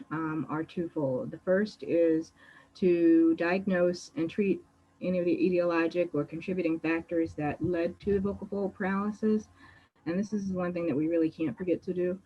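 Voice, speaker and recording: A woman laryngologist starting an online medical presentation in a measured, organized way. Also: fairly low pitch, mellow, breathy edge. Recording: slightly dull, lo-fi audio.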